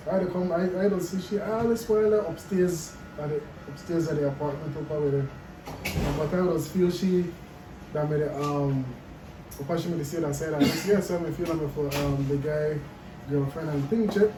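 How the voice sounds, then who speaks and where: A man telling a lively story in a barbershop, laughing often. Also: fairly high pitch, a little fast, recorded from a distance. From Belize. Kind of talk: casual chat. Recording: echoey room with background noise.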